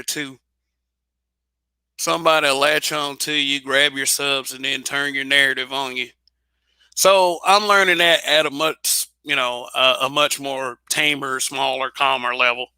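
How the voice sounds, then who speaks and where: Blunt man with a bright, dry voice. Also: mid-range voice, steady tone, normal speed, smooth, no room sound. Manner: blunt, repetitive restarts, profane. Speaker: channel host. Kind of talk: casual opinion monologue.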